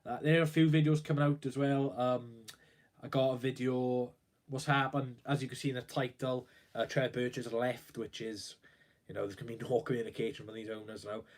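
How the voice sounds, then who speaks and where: A young man on a casual live stream, sounding worried as he rambles along, restarting sentences and filling gaps with ums. His pitch sits at a middling level for a man. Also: little pitch movement, brisk. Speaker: football fan livestreamer.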